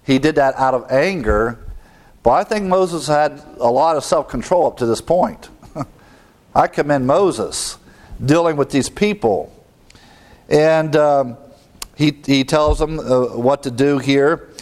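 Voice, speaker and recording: Male preacher, mid-pitched, conversational Bible teaching with rhetorical questions. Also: a little mellow. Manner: reads scripture aloud quickly.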